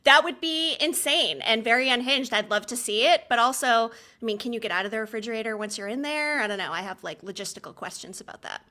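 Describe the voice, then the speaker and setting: Chatty bright-voiced woman in her forties. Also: a little high. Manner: chatty, enthusiastic, quick opinions. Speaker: podcast co-host. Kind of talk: casual TV recap chat.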